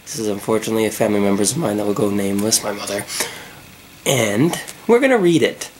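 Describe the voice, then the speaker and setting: A man's voice: lowish voice, expressive, fast, a little mellow, slight background noise. Sarcastic man reading aloud. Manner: sarcastic, rambling asides. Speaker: YouTuber. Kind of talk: mock dramatic reading with commentary.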